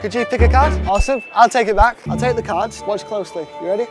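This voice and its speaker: A man's voice: high-pitched, quick pace, music in the background. A young man, hosting a comic vlog in a playful, self-mocking showman manner. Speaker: vlogger.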